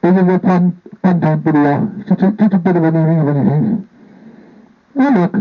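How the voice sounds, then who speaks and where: High-voiced man rambling on a tinny line. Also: steady tone, fast. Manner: repetitive, playful, talks to a partner off camera. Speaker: vlogger. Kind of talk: casual rambling vlog chat. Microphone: handheld microphone. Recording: tinny phone-like sound.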